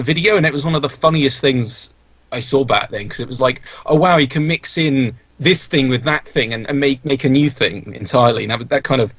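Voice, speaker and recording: A man's voice: medium pitch, husky, dry recording. A young man, a podcast guest, talking casually and rambling with many restarts and fillers. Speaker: podcast guest, video creator. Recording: dull, dry lo-fi mic.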